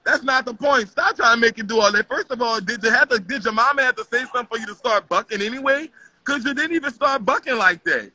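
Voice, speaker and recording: High bright-voiced woman ranting angrily. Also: quick pace, no echo, low-quality recording. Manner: confrontational, profane, repetitive. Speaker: caller on a live stream. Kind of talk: heated social media rant.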